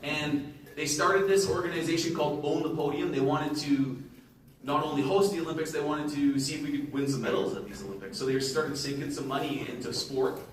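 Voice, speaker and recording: A man's voice: a little high, a little fast. A man in his forties telling a casual, motivational story to an audience he addresses directly. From Canada. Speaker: guest speaker. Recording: echoey hall from far off, noisy.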